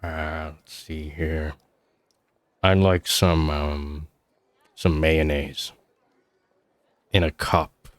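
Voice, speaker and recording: A man doing a hesitant soft-spoken dad. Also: extremely low pitch, little pitch movement, pitched below the performer's own voice, heavily acted. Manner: halting, slow, soft-spoken, telepathic speech. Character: hesitant polite father dining with his family.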